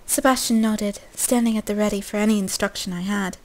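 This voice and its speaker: A woman's voice: medium pitch, steady tone, brisk, a little mellow, rough recording. A young woman reading a story game aloud in a casual way, breaking off with swearing, jokes and coughs.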